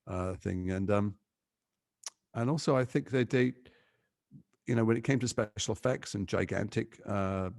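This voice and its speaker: Low gravelly man telling stories. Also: moderate pace, pauses often, no room sound, clean studio sound. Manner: animated storyteller, mimics voices in anecdotes. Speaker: actor. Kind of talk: interview conversation.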